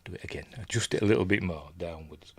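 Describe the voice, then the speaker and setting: A middle-aged Yorkshire man chats on a live stream, rambling and poking fun at himself. His voice sits low, and the sound is dry and close. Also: rapid-fire, creaky, a little mellow, breathy edge, dry recording. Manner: rambling, self-mocking, chatty asides. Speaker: host of a live movie show. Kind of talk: casual live-stream chat. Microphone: desk mic, level being adjusted.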